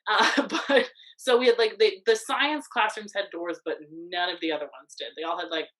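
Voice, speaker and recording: A young woman co-hosting a podcast, telling a story in casual chat, animated, swearing freely, with lots of filler words. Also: medium pitch, moderate pace, poor audio. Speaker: podcast co-host.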